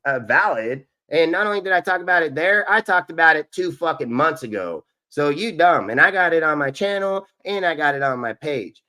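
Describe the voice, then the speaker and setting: A man's voice: fairly high pitch, animated, normal speed, few pauses, bright, forceful tone. A man hosting a live sports stream, ranting in an aggressive, profane and boastful way. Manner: boastful, repetitive. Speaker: sports show host.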